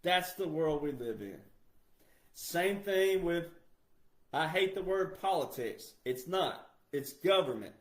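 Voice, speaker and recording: A man's voice: a little high, expressive, takes it slowly. A man who makes country music, on a heated, emphatic rant that keeps repeating its points. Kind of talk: impassioned rant. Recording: roomy echo.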